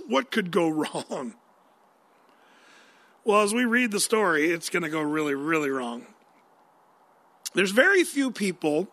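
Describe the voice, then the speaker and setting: A man preaching. He reads scripture and talks through it in a lively, conversational way, asking his listeners questions. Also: high voice. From United States. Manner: animated, conversational, asks the audience questions. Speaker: pastor. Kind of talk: sermon with scripture reading.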